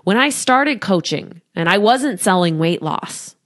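Woman in her 30s doing a solo coaching podcast into a mic, pitch all over the place, chatty and animated. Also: measured pace. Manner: animated, laughs often, acts out quoted voices. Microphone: studio microphone.

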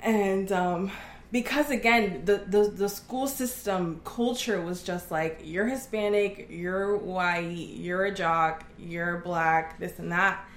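A woman's voice: lowish voice, slow pace. Candid woman telling her story, echoey room. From Oklahoma, USA. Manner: candid, earnest storytelling, acting out quoted voices. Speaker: guest. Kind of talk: personal testimony in an interview.

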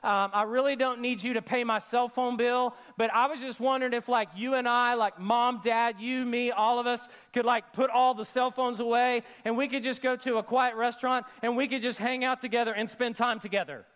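A male pastor with a notably high voice preaches to a church congregation. He talks in an animated way, acts out the people he quotes, and sinks into hushed, intimate tones to drive home a point. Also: brisk, few pauses, clear, resonant tone. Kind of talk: sermon.

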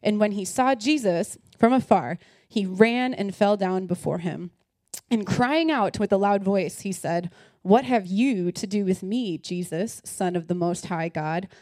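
A young woman preaching a sermon, reading scripture aloud and speaking directly to her listeners in a lively, animated way. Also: medium pitch, a little slow, no room sound, studio quality.

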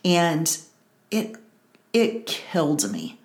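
A woman's voice: low-pitched, huge pitch swings, very slow, a little mellow, roomy sound. A middle-aged woman hosting a Bible study, giving an earnest personal testimony and repeating phrases for emphasis.

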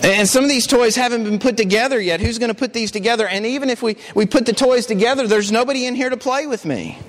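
A man's voice: very high voice, quick pace, in a large hall, pitched above the performer's own voice. A male preacher voicing a pessimistic little boy who stammers complaints through his sobbing. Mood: whiny.

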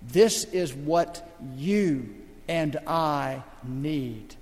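An older man preaching a sermon as the pastor, telling stories dramatically and swinging between loud and hushed. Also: a little high, drawn-out words, big-room sound.

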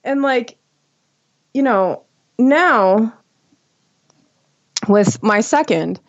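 A woman's voice: a little high, lively intonation, very slow, dry recording, highs cut off. A woman, a mother of two, talking in a casual podcast conversation, rambling with lots of fillers and restarts. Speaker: mother of two sharing parenting experience.

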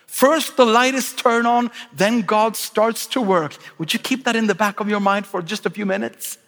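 A middle-aged man from Sweden with a Swedish accent, preaching a lively sermon with joking asides and frequent restarts. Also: sits high, moderate pace. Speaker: guest pastor. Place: large church auditorium. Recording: live sermon with long hall reverb.

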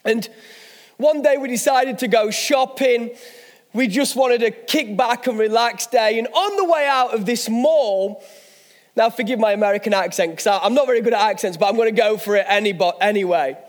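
High-voiced pastor preaching. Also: male voice, normal speed, in a large hall. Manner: storytelling, self-mocking humor. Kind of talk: sermon. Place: church hall.

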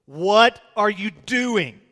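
A man acting out a greedy, indignant man who schemes for money, pushing his words out raised and slow. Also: sits high, sing-song, in a large hall, pitched above the performer's own voice. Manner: raised, slowed, pushy delivery.

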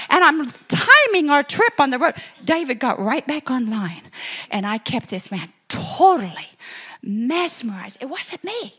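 A middle-aged woman preaching, telling a testimony story and acting out her own excited quotes. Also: sits high, normal speed. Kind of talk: sermon testimony.

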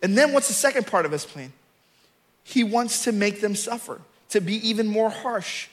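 Male pastor, middle-aged, high voice, sermon, storytelling that swells into shouting. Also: moderate pace. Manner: builds from calm storytelling to shouted emphasis.

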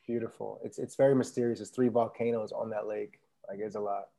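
Gravelly laid-back man, rambling chat. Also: lowish voice, steady tone, a little fast, mellow. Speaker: podcast guest. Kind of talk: casual conversation.

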